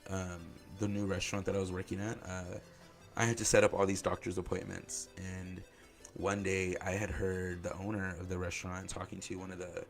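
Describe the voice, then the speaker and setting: A man hosting a podcast, telling a personal story in a loose conversational way, filling his speech with "like". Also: low-pitched. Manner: loose conversational, heavy use of "like". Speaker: podcast host.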